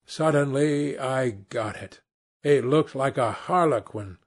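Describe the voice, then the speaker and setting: Husky male audiobook narrator. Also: medium pitch, slow pace.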